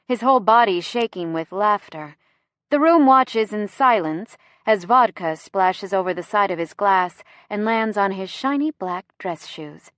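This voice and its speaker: Close to the microphone in a dry recording, a woman reads first-person romance audiobook narration with plenty of expression at a medium pitch.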